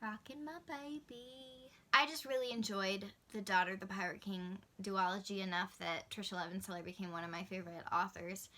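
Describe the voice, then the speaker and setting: A woman's voice: mid-range voice, fairly even intonation, a little fast, hardly any pauses, pushed and bright. A young woman chatting casually to camera about books she loved and disliked, gushing and laughing easily. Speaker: book vlogger. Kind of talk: casual book talk to camera.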